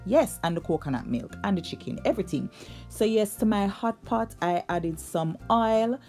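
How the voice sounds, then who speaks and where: A woman's voice: medium pitch, expressive, normal speed, dark tone, faint music behind. A young woman, hosting a cooking vlog in an upbeat, chatty way and drawing out her words. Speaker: cooking channel host. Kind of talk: casual cooking vlog narration.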